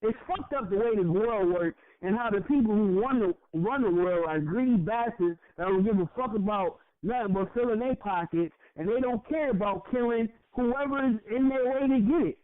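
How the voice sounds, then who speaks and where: Young guy podcaster going off, high voice, cussing, dry tinny sound. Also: normal speed, hardly any pauses, dry recording. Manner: heated, profane, repeats words when worked up. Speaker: podcast co-host. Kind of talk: impassioned casual podcast rant. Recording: tinny phone-like audio.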